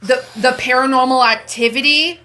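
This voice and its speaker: A woman's voice: high-pitched, normal speed. A woman co-hosting a podcast, chatting casually about movies and acting out conversations with her husband. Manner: animated storyteller acting out conversations. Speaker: podcast co-host.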